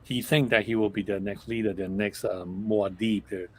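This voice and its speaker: A man's voice: lowish voice, steady tone, moderate pace, a little mellow, breathy edge. A man appearing as a guest on a casual live movie review chat, talkative and agreeing constantly. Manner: chatty, agrees constantly with yeahs.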